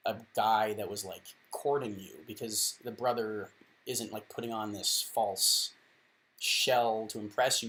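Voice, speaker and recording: A man's voice: mid-range voice, a bit bright. A man in his thirties giving casual advice to the camera, rambling and self-deprecating, full of fillers and restarts. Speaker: advice column host.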